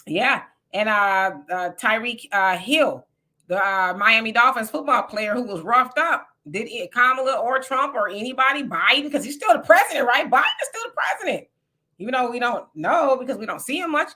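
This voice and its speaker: A woman's voice: a little high, expressive, moderate pace, pushed and bright. A woman from California giving blunt, colloquial political commentary on a casual live stream.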